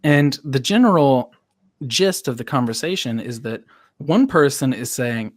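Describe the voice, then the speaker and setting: A man narrating a tabletop game as game master, in a relaxed way with fillers. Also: mid-range voice, a little slow, dry recording, clean studio sound.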